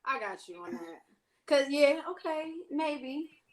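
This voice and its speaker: A woman's voice: sits high, animated, slow, a crowd in the background. A woman co-hosting a casual live talk show, playful and blunt, with a slangy way of talking and frequent laughter. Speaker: co-host. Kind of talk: casual chat.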